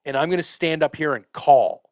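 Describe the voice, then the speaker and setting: A man hosting a podcast, telling a hunting story in a casual, profane, animated way with lots of fillers. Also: on the high side, fairly quick, dry recording. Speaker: podcast host.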